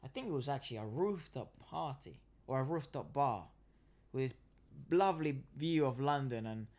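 Joking man with a lively voice. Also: medium pitch, moderate pace. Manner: joking, bantering, laughs often. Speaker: co-host of a reaction channel. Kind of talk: casual chat.

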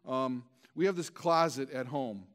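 A man's voice: mid-range voice, measured pace. A male pastor preaching a storytelling sermon in a conversational, self-deprecating way, with many stammered restarts.

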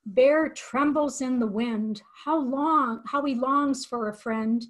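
An older woman teaching from a picture book, reading slowly and expressively and pausing to explain words. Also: fairly high pitch. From United States. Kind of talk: read-aloud lesson for educators.

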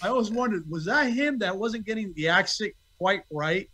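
Man with a high voice, an actor guest chatting loosely, lively and quick to restart his sentences. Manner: animated storyteller, restarts phrases. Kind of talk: casual interview chat.

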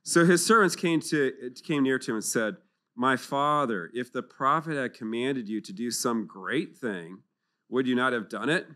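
A man giving an animated, jokey talk on scripture at a clergy retreat, acting out the figures in playful voices. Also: mid-range voice, moderate pace. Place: conference hall.

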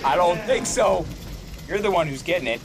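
A man giving excitable let's play commentary, swearing and yelling at enemies as he plays. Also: high-pitched, normal speed, very noisy. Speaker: gamer.

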